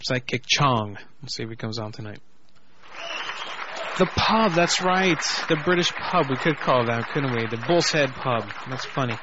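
A man's voice: medium pitch, animated, moderate pace, muffled recording, crowd noise, background noise. A young man hosting a prank call internet radio show, crude and joking, swearing often. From Orlando, Florida. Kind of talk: casual internet radio banter.

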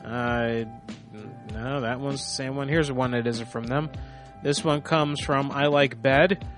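A man's voice: medium pitch, steady tone, unhurried, fairly bright tone, faint music behind. A man hosting a live call-in prank show, talking in a rambling, off-hand way with some swearing. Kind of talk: casual live-stream talk.

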